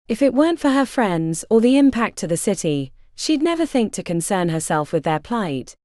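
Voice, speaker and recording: A woman narrating a fantasy audiobook in an expressive, dramatic reading style. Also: medium pitch, no echo, clean studio sound.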